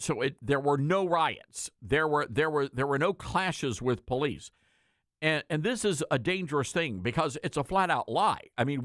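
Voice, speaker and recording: Male talk radio host, lively up-and-down delivery, joking folksy asides, dry close studio sound. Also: medium pitch, no room sound. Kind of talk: opinionated talk radio monologue.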